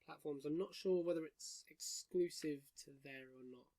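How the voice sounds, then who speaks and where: A man's voice: on the high side, normal speed, dark tone. Wry man hosting a games podcast. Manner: rambling and wry, lots of fillers. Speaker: podcast host. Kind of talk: casual gaming news chat. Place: room, friends round a table.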